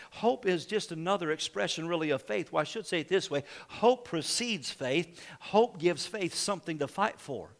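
Male pastor, sermon, bright edgy voice, pitched a little high, bursts into shouts. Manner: fiery preaching, shouts and exhortations.

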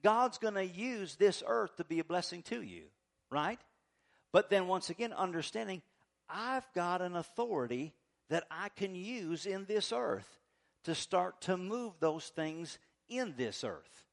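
Male pastor, high-pitched, chatty sermon delivery, playful dialogue bits, soft asides and loud bursts. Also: lively intonation, measured pace, vocal fry. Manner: conversational preaching with playful acted-out dialogue; shifts between soft low asides and loud emphatic bursts.

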